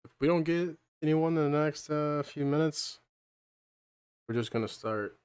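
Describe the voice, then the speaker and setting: A man's voice: on the high side, moderate pace, a little mellow, smooth, no room sound, studio quality. A man hosting a podcast stream, rambling casually and muttering to himself while he sets things up. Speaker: podcast host. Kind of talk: casual livestream chat.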